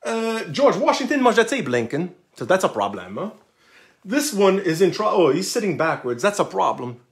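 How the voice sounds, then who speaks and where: A man's voice: sits high, big pitch swings, moderate pace. A man reading a children's picture book aloud on a live stream, joking between the pages and slipping in words. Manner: playful, jokey asides, slips into Portuguese words.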